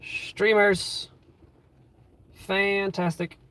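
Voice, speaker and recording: A man's voice: sits high, flat delivery, very slow, fairly bright tone, clear, resonant tone. Young man in his twenties, casual live-stream host, rambling and upbeat, talking from his car into a phone. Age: 20s. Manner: rambling and upbeat, many fillers. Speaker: livestream host.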